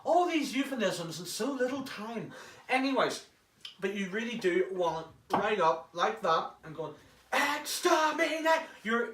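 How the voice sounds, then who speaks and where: Man explaining a hobby technique, chatty, jokey, a bit foul-mouthed, higher voice, echoey from far off the mic. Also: fairly bright tone. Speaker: prop hobbyist. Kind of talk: casual how-to demonstration. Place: inside an enclosed prop casing.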